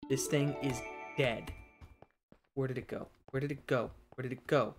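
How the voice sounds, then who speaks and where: A man's voice: medium pitch, normal speed. Exasperated man muttering through gameplay. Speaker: let's play host. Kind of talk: gaming commentary. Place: home, late at night. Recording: noisy recording with keyboard clicks.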